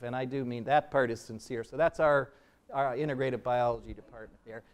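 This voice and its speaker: An older man, a biology professor, giving a public lecture and answering audience questions with relaxed, self-deprecating asides. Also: medium pitch, brisk. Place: lecture hall.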